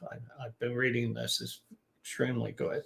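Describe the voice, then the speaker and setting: Guy teaching business english live, chill and chatty, bit of gravel in his voice. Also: medium pitch, moderate pace. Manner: relaxed, conversational, advice-giving. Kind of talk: live-streamed lesson.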